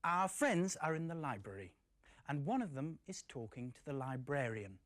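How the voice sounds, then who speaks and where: Male course presenter, measured explanations, dry close recording. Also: on the high side, big pitch swings, fairly bright tone, dry recording. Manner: slow, clear explaining. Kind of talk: scripted teaching presentation.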